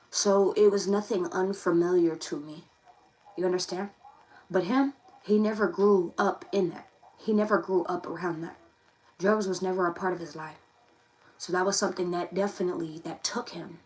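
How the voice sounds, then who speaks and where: A woman's voice: mid-range voice, a little mellow, rough recording. A young woman, reading tarot casually to camera in a confiding, emphatic way that repeats itself. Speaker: tarot reader.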